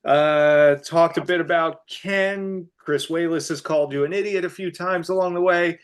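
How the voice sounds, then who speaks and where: A man hosting a casual interview, chiming in with quick remarks and laughter. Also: fairly high pitch, steady tone, smooth. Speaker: host.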